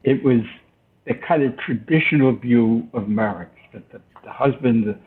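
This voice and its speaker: A man's voice: medium pitch, a little slow. An older man, a guest recalling his past, speaking thoughtfully with hesitant restarts. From United States. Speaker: interview guest. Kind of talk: reflective storytelling. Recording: tinny phone-line sound.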